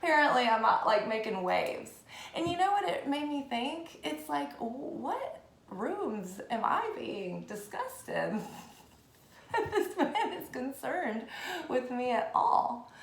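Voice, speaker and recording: A woman tarot reader talking in a casual, animated way on her spiritual vlog, swearing freely as she goes. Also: high voice, slow pace, creaky. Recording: echoey room.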